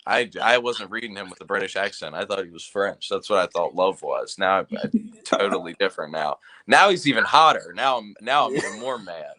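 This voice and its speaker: Bright-voiced playful man. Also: lowish voice, expressive, brisk. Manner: playful, laughs often. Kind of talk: casual interview chat.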